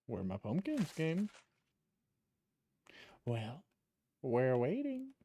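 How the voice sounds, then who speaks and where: A man's voice: medium pitch, wildly swooping pitch, extremely slow, warm tone, slight background noise. A young man streaming a game, chatting casually in a rambling, profane way while he plays. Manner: rambling, profane, chuckles while telling stories. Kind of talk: casual chat while gaming.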